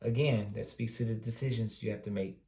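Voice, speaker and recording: This tarot reader is a North Carolina man with a Southern accent, speaking fairly quickly in a fairly low voice. He's relaxed and rambling, handing out plenty of advice and catching himself with self-corrections, all in a reverberant space.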